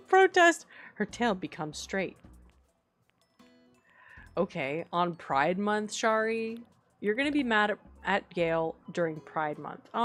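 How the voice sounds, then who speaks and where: Giggly streamer girl chatting over her game, gets squealy and excited, talks slow. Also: mid-range voice. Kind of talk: casual live-stream chat over gameplay.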